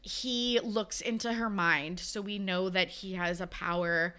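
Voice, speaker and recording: A woman with a bright, smooth voice recaps a book for a casual podcast. She is chatty, full of fillers, and moves quickly from point to point. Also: mid-range voice, steady tone. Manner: chatty recapping with many likes. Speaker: podcast co-host.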